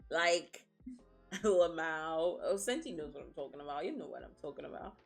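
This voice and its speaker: A woman's voice: low voice, expressive, normal speed, faint music behind. A woman streaming as a VTuber, chatting casually in a blunt, profane, playfully dramatic way and laughing often. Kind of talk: casual livestream chat.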